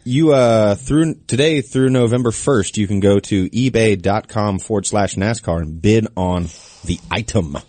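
A man's voice: on the low side, unhurried, darkish tone, no echo. A man, co-hosting a casual podcast chat, joking around and plugging an auction. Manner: joking, plugs a charity auction. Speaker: podcast co-host.

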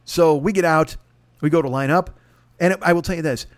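A man spins a rambling, self-mocking story, swearing freely as he goes. His voice sits a little high for a man, and the recording is dry and close with no room sound. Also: moderate pace, dry recording. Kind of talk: casual storytelling.

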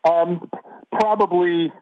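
A middle-aged man from Chicago, an actor guest telling stories in a relaxed, casual interview, often restarting his sentences. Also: high voice, slow, no echo. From Chicago, USA. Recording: dry, phone-like line.

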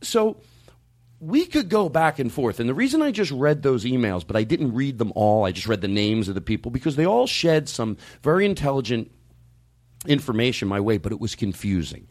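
Animated man rambling with sarcasm. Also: mid-range voice. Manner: rambling, halting, many restarts and fillers; openly sarcastic at times. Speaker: podcast host. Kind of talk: casual discussion.

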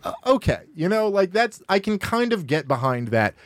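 Reacting to a played clip in his podcast studio, the host argues back in a sing-song voice at a moderate pace. Frustration drives his pitch up sharply as he rebuts, and the recording is studio quality with no room sound.

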